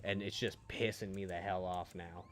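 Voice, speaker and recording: A man's voice: low-pitched, level tone, normal speed, a little hiss or hum. A man streaming a game, chatting casually with lots of fillers and swearing. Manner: rambling, profane, frequent fillers. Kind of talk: casual chat while streaming.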